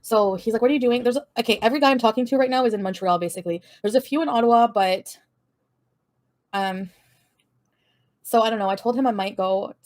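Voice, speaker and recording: A woman's voice: on the high side, fairly quick, long pauses, darkish tone. Giggly, chatty Canadian woman on a livestream. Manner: chatty, giggly, swears casually. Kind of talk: rambling livestream gossip.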